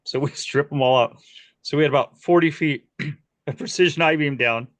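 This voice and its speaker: A man hosting an interview, telling a lively story from a film set and laughing often as he talks. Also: fairly high pitch, normal speed. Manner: animated, laughs often while telling stories. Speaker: podcast host.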